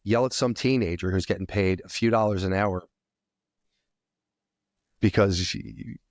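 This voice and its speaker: A man co-hosting a podcast, telling animated stories in casual chat and acting out the people in them. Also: on the low side, measured pace, no echo, clean studio sound. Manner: animated storyteller acting out customers. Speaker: podcast co-host.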